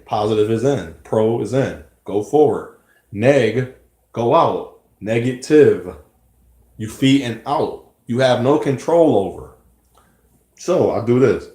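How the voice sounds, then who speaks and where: A man's voice: medium pitch, darkish tone. Earnest rambling man in an echoey room. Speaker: vlogger. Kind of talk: personal monologue to camera.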